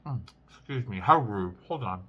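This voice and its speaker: A man casually vlogging while eating, chatting with frequent restarts and pauses to chew. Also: fairly low pitch, expressive, husky, lo-fi sound. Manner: chatty, chewing between sentences; rambling with many restarts. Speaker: vlogger, flight attendant.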